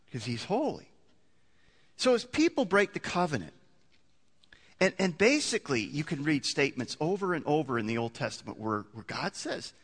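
A man in the pulpit, talking his listeners through the point with many restarts and rising emphasis. His voice sits fairly high and sounds bright and forceful. A long reverb from a large hall trails behind every phrase. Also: gravelly. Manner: conversational, builds to emphatic peaks with many restarts. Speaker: pastor. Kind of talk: sermon.

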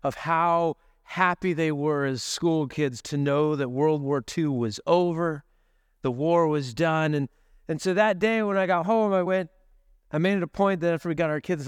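A man's voice: on the high side, smooth, no echo, clean studio sound. A man preaching a sermon at a church service as the pastor, telling stories conversationally with joking asides.

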